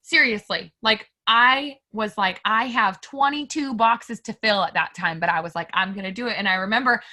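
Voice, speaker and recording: Woman guest chatting about her life, bright forceful voice, super animated and emphatic. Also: mid-range voice, normal speed. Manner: animated and emphatic, filler-heavy; candid, addresses listeners directly. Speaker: interview guest. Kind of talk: casual personal storytelling.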